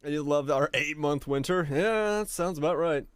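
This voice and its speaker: A young man from Finland with a fairly high, clean-toned voice chats casually with his viewers at a moderate pace while gaming, speaking something other than English. Easygoing, he swears a lot and is quick to laugh. Clean studio sound, no echo.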